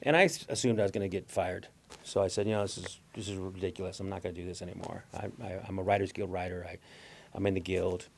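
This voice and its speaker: A man's voice: low voice, steady tone, quick pace, vocal fry, a little hiss or hum. A middle-aged Mexican-American man telling stories in a talk, acting out voices and laughing often. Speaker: guest speaker. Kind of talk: storytelling talk.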